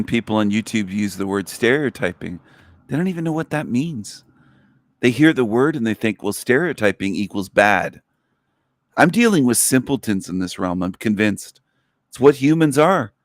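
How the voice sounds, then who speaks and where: A man's voice: medium pitch, animated, moderate pace, dry recording, clean studio sound. A man hosting a livestream, delivering a contemptuous, mocking rant to his viewers. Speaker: livestream host. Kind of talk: ranting livestream monologue.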